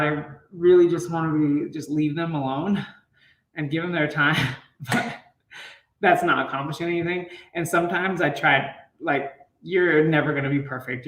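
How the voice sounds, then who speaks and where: Laid-back dad rambling to his viewers, laughs a lot, kinda high voice, echoey room, sits back from the mic. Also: a bit bright, distant mic. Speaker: fitness coach and dad. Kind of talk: casual live chat to viewers. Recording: roomy, off-mic.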